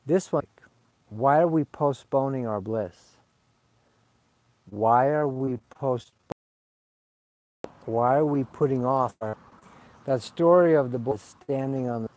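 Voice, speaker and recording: Mellow-voiced rambling Swedish-raised man. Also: mid-range voice, dry recording. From Sweden. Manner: meandering, digressive, confessional. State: slightly tipsy. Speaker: spiritual vlogger. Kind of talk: rambling casual monologue. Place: outdoors in a garden under a fruit tree.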